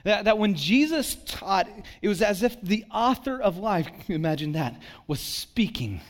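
A man preaching a sermon to a congregation in a conversational way, acting out quotes and dropping low and quiet to stress a point. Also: big pitch swings, normal speed. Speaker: pastor. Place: church.

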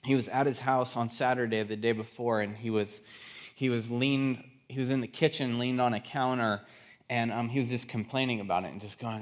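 A man's voice: mid-range voice, a little fast. A man preaching as a guest speaker in a church, telling a story and acting out the people's voices. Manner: animated storyteller acting out quotes. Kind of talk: sermon with storytelling. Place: church stage.

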